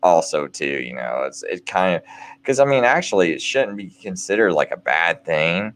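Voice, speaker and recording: Low-voiced man rambling on a late-night show. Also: lively intonation, moderate pace, a bit bright, a little hiss or hum. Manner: meandering, with many restarts and "you know"s; earnest and preachy. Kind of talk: casual rambling monologue.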